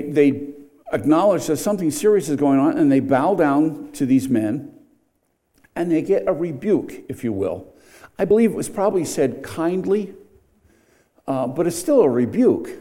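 A man's voice: fairly high pitch, lively intonation, moderate pace, dark tone. A middle-aged man preaching a sermon in a conversational way, with asides and restarts. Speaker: pastor.

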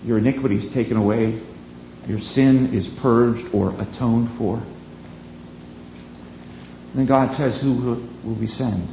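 A man preaching a sermon in an earnest, emphatic way, drawing out key words and pausing for effect. His voice sits at an ordinary middle pitch. It rings through a reverberant church space over a faint steady hum.

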